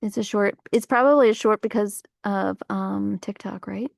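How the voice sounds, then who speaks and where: Woman host with a gravelly, mid-pitched voice, chatting loosely outdoors in a rambling, spiritual way. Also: fairly even intonation, normal speed, no echo, studio quality. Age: adult parent. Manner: meandering, heavy on fillers, spiritual musings. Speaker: livestream host. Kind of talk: casual rambling monologue. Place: outdoors on a warm day.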